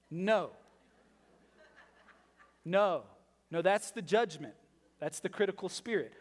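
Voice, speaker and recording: A male pastor giving a sermon, emphatic and full of rhetorical questions, moving between loud and hushed delivery. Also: high voice, expressive, slow pace, long pauses. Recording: long reverb of a large hall.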